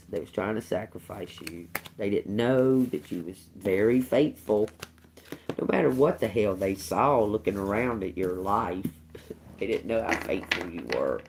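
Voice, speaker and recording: A woman's voice: very deep voice, moderate pace, background noise. A woman hosting a casual livestream tarot reading, emphatic and prone to laughing, with casual swearing and phrases repeated for emphasis. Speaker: tarot reader.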